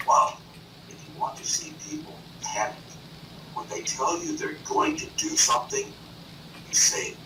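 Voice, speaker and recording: A man from North Carolina, a boastful and animated talk show guest in a TV studio. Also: extremely high pitch, distant mic. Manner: boastful, animated, does quick impressions. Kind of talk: boastful chat. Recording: echoey room, off-mic, noisy.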